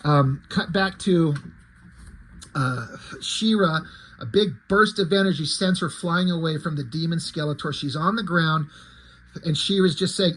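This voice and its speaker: A man talks through his comic story panel by panel, in a casual, conversational way with fillers. His voice is slightly high and husky. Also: measured pace, a bit bright.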